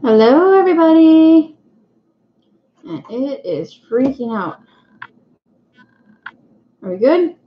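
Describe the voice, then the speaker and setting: Chatty high-voiced woman greeting her viewers. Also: very animated, takes it slowly, pauses often. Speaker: livestream host. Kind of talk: casual live-stream chat. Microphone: webcam mic. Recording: echoey room, dull lo-fi sound.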